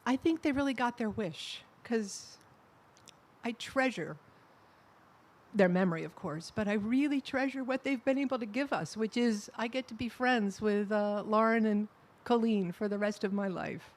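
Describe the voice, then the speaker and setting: Middle-aged woman giving a eulogy, telling fond stories, soft laughs in between. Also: a little high, normal speed. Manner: warm anecdotal storytelling with soft laughs. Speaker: eulogy speaker at a memorial. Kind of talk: personal eulogy.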